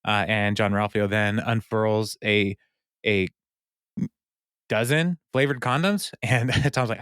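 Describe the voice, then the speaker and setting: Recapping an episode in relaxed fashion, this podcast co-host brings the characters' lines to life with animation. He speaks slowly with long pauses in a lowish, steady voice that's fairly bright, clear and resonant, on a dry, clean studio recording.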